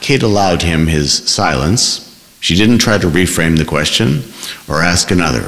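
A man reading a novel aloud in measured, expressive scripted narration, also speaking the shy bookseller's lines. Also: sits low, long reverb tail. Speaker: audiobook narrator.

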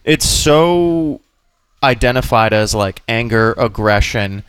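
A man with a slight Boston accent, a comedian guest talking quickly and jokingly in an interview. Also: mid-range voice, expressive, a bit bright, clean tone, dry recording. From Boston area. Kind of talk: casual interview chat.

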